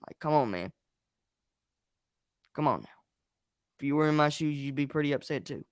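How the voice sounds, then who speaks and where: A man's voice: a little high, lively intonation, moderate pace, clean tone, no echo, studio quality. A young man hosting a wrestling review show, speaking frankly and with blunt emphasis as he vents and shares opinions. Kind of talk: casual chat.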